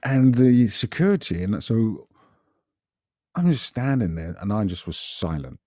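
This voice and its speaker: A deep, mellow-toned man, recounting a story for a podcast. He talks casually and animatedly, circling back with repeats and little asides. His voice sounds dry and close. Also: unhurried, dry recording. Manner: animated, repetitive retelling with frequent asides. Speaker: podcast guest recalling past events.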